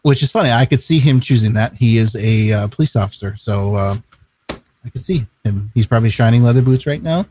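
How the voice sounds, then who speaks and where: A man's voice: mid-range voice, brisk, warm tone, a little hiss or hum. A man co-hosting a casual chat show, talking in an easygoing, rambling way and laughing often. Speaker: co-host.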